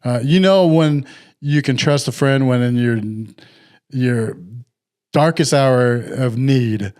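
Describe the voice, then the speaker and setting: A middle-aged man telling a story in casual podcast chat, animated and acting out the people he quotes. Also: medium pitch, slow, smooth.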